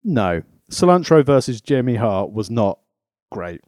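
A man's voice: mid-range voice, big pitch swings, a little slow, a little mellow, dry recording. A man co-hosting a podcast in casual comedic chat, dry and mocking. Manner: dry, mocking, quotes people in silly voices. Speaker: podcast co-host.

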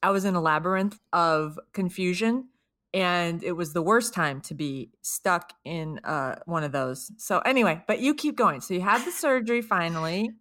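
Bright chatty middle-aged woman host. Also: fairly low pitch, lively intonation, moderate pace. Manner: chatty, self-mocking, playful. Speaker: podcast host, mother of the guest. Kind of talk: casual podcast chat.

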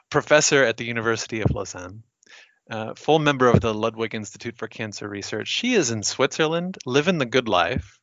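Guy hosting a podcast, bright voice, joking around, dull-ish dry audio. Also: mid-range voice, gravelly, no echo. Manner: jokey, easygoing banter. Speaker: podcast host. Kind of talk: casual podcast chat.

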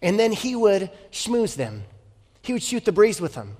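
A male pastor preaching a sermon, telling a story with rhetorical questions and dropping from loud to hushed. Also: high voice, very animated, normal speed. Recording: long hall reverb.

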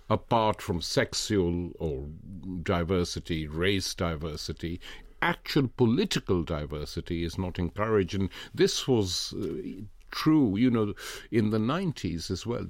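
A man's voice: sits low, no room sound. An older man giving long, expansive answers as a guest in a political interview, piling up examples.

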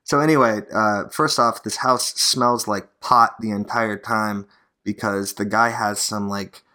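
A man's voice: on the low side, steady tone, unhurried, sharp tone. A man from Arizona hosting a podcast alone, talking in a rambling, profane and sardonic way. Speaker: podcast host, real estate agent. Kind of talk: casual solo podcast monologue.

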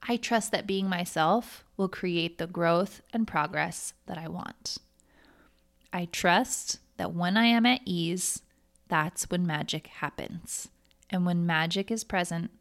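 A woman's voice: fairly low pitch, a little slow, gravelly. A woman hosting a podcast, giving chatty, encouraging motivational coaching with lots of "like". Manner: upbeat, encouraging, chatty with frequent "like". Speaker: podcast host.

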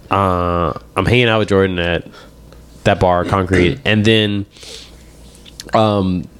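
A man's voice: fairly low pitch, smooth. A man telling a rambling story in casual chat, full of fillers and restarts.

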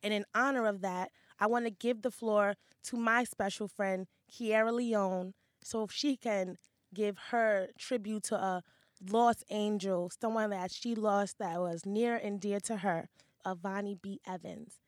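A woman's voice: mid-range voice, fairly even intonation, a little slow, dry recording. Upbeat woman podcast host, dry sound. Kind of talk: casual chat.

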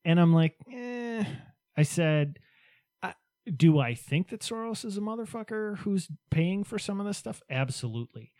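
A man's voice: high voice, expressive, moderate pace, a little mellow, no echo, studio quality. A man co-hosting a casual political talk show, chatting wryly and hedging his points. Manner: wry and chatty, with hedging asides. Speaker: podcast co-host.

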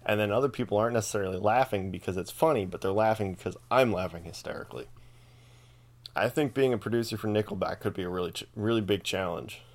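A man with a low voice hosts a podcast and rambles through a casual comedic rant. He swears freely and keeps amusing himself as he talks. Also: fast. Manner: profane, rambling, self-amused. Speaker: podcast host.

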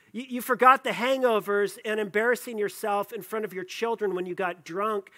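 Pastor guy preaching, kinda high pitched, bright tone, jokey asides to the crowd. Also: fairly quick, hardly any pauses. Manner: conversational preaching with playful asides to the congregation. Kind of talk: sermon.

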